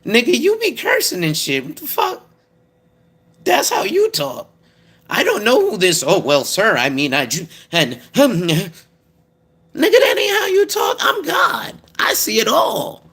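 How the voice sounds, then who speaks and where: A man voicing an exasperated male God who scolds someone in loud, slangy, incredulous bursts, pitched far above his own voice. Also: wildly swooping pitch, a little slow, husky, full character voice.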